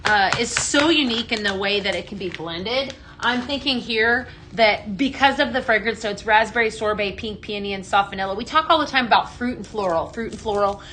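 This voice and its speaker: A woman's voice: mid-range voice, fairly quick, few pauses, background noise. A chatty woman hosting a casual live-stream product demo, a little out of breath, reading viewer comments aloud as she talks. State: a bit out of breath. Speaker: home fragrance seller hosting a live stream.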